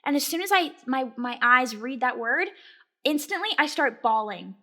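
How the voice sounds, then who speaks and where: Young woman podcast co-host, casual storyteller, high-pitched, laughs a lot, salty language. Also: normal speed. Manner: animated, laughing often, swearing freely.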